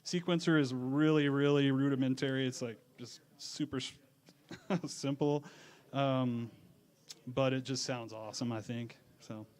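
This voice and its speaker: A man's voice: mid-range voice, steady tone, unhurried, a little mellow. A man who just performed at a bar, answering questions about his music in a laid-back, easygoing way. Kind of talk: casual interview answers. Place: bar at a live music event.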